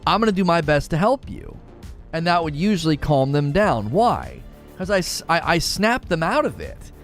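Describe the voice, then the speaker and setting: A man's voice: on the high side, normal speed, faint music behind. A man hosting a live gaming talk show, ranting with emphatic opinions. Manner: animated, emphatic opinion rant.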